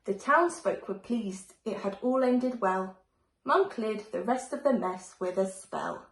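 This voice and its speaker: A woman teacher reading a rhyming picture book aloud in a slow, expressive way. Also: medium pitch, roomy sound, low-quality recording. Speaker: primary school teacher.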